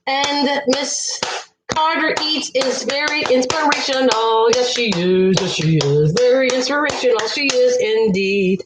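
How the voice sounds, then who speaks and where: A woman hosting a casual cooking livestream, chatting away and warmly thanking viewers by name from her kitchen. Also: sits high, unhurried, heavy background noise. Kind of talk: casual live-stream chat. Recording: echoey room.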